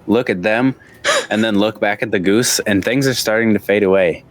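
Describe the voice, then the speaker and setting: A man narrating as game master in a tabletop game, lively and quick to laugh. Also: on the low side.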